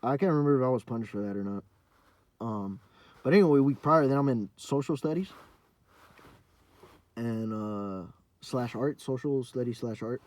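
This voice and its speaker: A man's voice: mid-range voice, moderate pace, long pauses, darkish tone. Young male podcast host, loose and profane, rambling storyteller. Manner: rambling, profane, lots of fillers and restarts. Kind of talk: casual storytelling.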